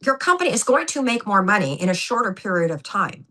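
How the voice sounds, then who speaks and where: A woman guest on a podcast interview, an animated, emphatic storyteller who acts out what people said. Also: medium pitch, fast. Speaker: guest, former gymnastics coach.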